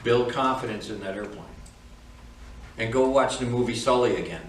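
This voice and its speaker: A man's voice: medium pitch, normal speed, slight background noise. A man instructing flight students in a classroom, speaking in a firm, direct, lecturing manner. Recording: echoey room, from far off.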